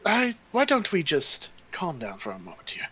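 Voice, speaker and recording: Tired, measured leader of a crowd, man voicing her, soft and quiet; dull sound. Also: on the high side, wildly swooping pitch, breathy edge, exaggerated voice. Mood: weary. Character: weary female leader of refugees.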